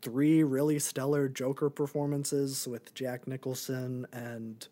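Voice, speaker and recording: A man's voice: medium pitch, flat delivery, slow, mellow. A young man and podcast co-host in a casual movie review chat, rambling with many ums and likes.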